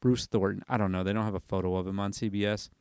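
Hyper rambling man with a smooth, dry voice. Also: on the low side, steady tone, fast talker, a little mellow, no room sound. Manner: hyper, rambling, looks things up on air. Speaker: podcast host. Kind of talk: casual sports podcast chat.

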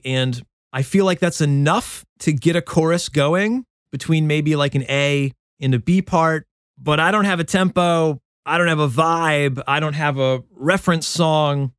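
A man hosting his own songwriting show, thinking aloud about a new song in a relaxed, self-deprecating way. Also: fairly high pitch, measured pace, smooth, no echo, studio quality. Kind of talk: casual talk about songwriting. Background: guitar playing.

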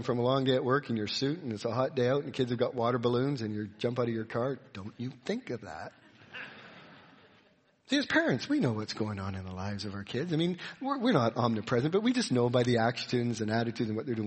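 A middle-aged man preaching a sermon, swinging from emphatic high points to quiet, confiding asides. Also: sing-song, fast, breathy edge. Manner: rises to emphatic peaks, drops to soft confiding asides. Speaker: pastor.

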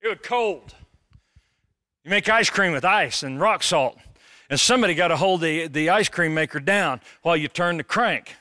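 Bright-voiced joking male pastor. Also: on the high side, moderate pace, no room sound, clean studio sound. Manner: animated, joking, conversational preaching. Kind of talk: sermon.

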